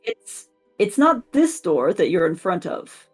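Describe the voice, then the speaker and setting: A woman's voice: on the low side, very animated, slow, husky, faint music behind. A woman narrating as game master in a tabletop game, with a hesitant manner and many fillers.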